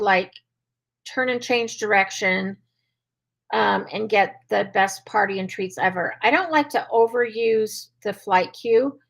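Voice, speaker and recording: A woman's voice: on the high side, creaky, a bit bright, rough recording. A woman dog trainer hosting a casual live Q&A and answering viewer questions in a chatty way, with lots of "um" and "like". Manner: chatty, with frequent "um" and "like".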